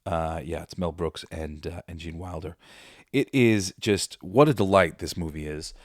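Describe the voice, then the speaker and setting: A man's voice: deep voice, normal speed, dry recording, studio quality. A man hosting a podcast, chatting casually and rambling with fillers and laughs. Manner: rambling, quotes movie lines with laughs. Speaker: podcast host. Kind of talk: casual chat.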